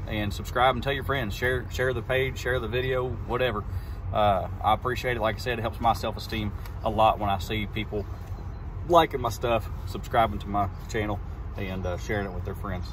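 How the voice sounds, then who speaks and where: A man vlogging his fishing outdoors by a creek, excited and rambling in a folksy way, recorded on a phone held at a distance. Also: medium pitch, a little hiss or hum. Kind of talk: casual outdoor vlog talk. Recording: faint phone audio from a distance.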